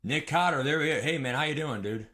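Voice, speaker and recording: A man's voice: on the high side, quick pace, sharp tone. A young man ranting casually on a live stream, rambling and heated, swearing often and talking straight to his chat. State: hungry and weak.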